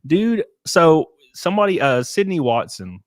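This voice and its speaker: Hosting a casual livestream, a Southern American podcaster from the US South rambles easygoingly and laughs a lot. His higher voice is very animated yet a little slow, recorded at studio quality with no echo.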